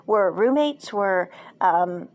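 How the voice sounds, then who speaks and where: A woman's voice: medium pitch, animated, slow pace, a little mellow. A woman voicing a flustered young man who keeps questioning himself in agitated mutters. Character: flustered young man, cold boss confused by feelings.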